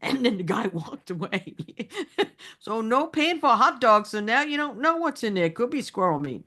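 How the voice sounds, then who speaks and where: A woman's voice: a little high, very animated, normal speed, bright, forceful tone. A woman co-hosting a casual chat, telling stories with lots of laughter and restarts. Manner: chatty storyteller, laughs often, many restarts. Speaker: co-host.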